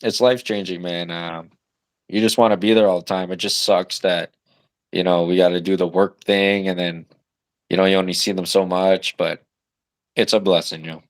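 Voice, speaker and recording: Low-voiced young dad, loose chatty storytelling. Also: male voice, fairly even intonation, moderate pace, no echo. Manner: loose, profane storytelling with lots of "like" and "man". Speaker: podcast co-host, new father of twins. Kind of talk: casual chat.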